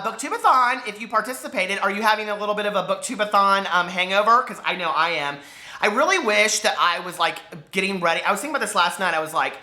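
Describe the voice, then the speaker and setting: A man chats to camera in a casual home vlog, his voice bright and forceful. He rambles in an animated way and often laughs. He draws out words for dramatic emphasis as he walks from room to room with the camera. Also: high-pitched. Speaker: book vlogger host. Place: at home, walking between rooms.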